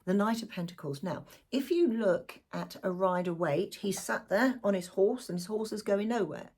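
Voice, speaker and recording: A middle-aged woman gives a chatty tarot reading to viewers. She talks warmly with asides, and her voice is croaky. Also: medium pitch, lively intonation, moderate pace. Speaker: tarot reader.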